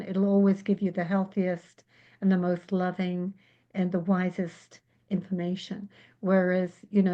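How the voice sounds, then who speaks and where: A woman from England, a psychic guest in a casual interview, who tells lively stories and acts out the voices she quotes. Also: medium pitch, phone-quality sound. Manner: animated storyteller, acts out quotes.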